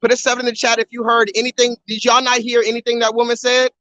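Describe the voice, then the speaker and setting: Talking fast in a very high voice, a man hosts a live stream while walking around on his phone, continually urging his viewers to comment in the chat. The livestreamer is animated and repetitive. The recording is dry, with the highs cut off.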